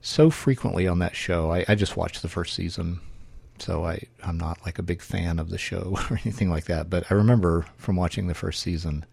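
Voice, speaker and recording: A man's voice: deep voice, fairly even intonation, fairly quick, creaky, a little mellow, slightly rough, no echo. A man hosting a solo podcast, thinking aloud in a wry, self-correcting way. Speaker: podcast host.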